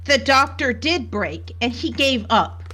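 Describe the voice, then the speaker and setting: A woman's voice: high voice, animated, measured pace, sharp tone, soft background music. A woman co-hosting a podcast, talking thoughtfully over a remote call and building her points with restarts. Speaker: podcast co-host. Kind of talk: casual chat.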